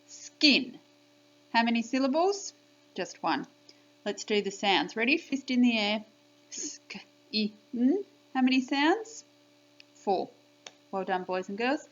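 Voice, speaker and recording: Woman, encouraging early-years teacher voice, slow and clear, lo-fi home video audio. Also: on the high side, animated. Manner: bright, encouraging, slow and clear, sing-song teacher talk. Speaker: primary school teacher. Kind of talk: recorded spelling lesson for young children.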